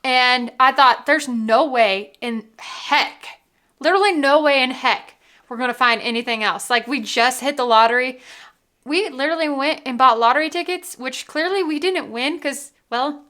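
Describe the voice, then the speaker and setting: This whiskey vlogger has a high, bright voice with a forceful tone. Filming casually at home, she gushes in a bubbly way, her speech full of "like" and "literally."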